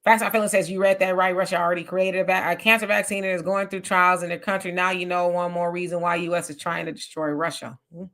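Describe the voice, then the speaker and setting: A woman hosting a casual live stream, reading viewer comments aloud and reacting with chatty, animated remarks. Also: lowish voice, fast, hardly any pauses.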